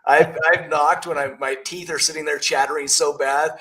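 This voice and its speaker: An upbeat man hosting a casual live stream, reading out questions and pushing his points with emphasis. His voice sits somewhat high for a man. He throws in quick acted-out asides as he talks. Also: fairly even intonation, pushed and bright. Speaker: host, real estate trainer.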